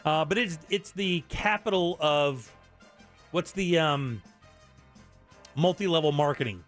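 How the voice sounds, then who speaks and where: A male radio host with a notably high voice talks through a studio microphone. His banter with callers is upbeat and jokey, and soft music plays behind him. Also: measured pace. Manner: jokey, upbeat quiz-giving patter. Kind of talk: casual radio chat with callers.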